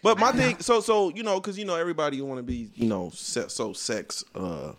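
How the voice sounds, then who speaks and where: A man's voice: fairly high pitch, fairly quick. A man who is a guest on a podcast, chatting casually, rambling and swearing while he acts out his own reactions. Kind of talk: casual chat.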